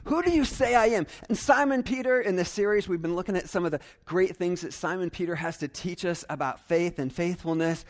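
A man's voice: sits high, a little fast, few pauses. A young adult male pastor preaching a sermon earnestly and emphatically, repeating phrases for stress.

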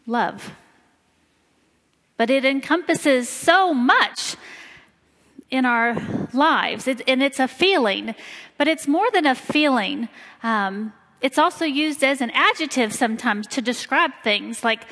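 A woman from Indiana gives a personal talk in a church sanctuary, telling stories with slow, emphatic phrasing. Her voice sits slightly high and sounds bright and crisp. Long reverb from the hall trails behind each phrase. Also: expressive. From Indiana, USA. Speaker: lay speaker giving a church talk.

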